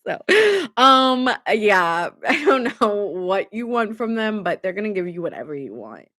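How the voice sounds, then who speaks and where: A woman's voice: mid-range voice, animated, normal speed. A woman giving a casual live tarot reading, chatty and often laughing as she acts out what people say. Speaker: tarot reader streaming live.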